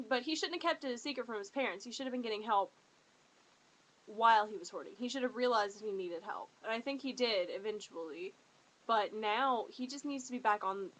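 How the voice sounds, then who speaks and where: Bright-voiced, gushing young woman fan. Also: fairly high pitch, rough recording. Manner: excitable, gushing, rambling. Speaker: fan reviewer. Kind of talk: casual fan review vlog.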